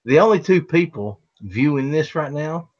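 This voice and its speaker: Easygoing host, higher male voice, dull sound. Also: expressive, moderate pace, a little mellow. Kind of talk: casual livestream chat.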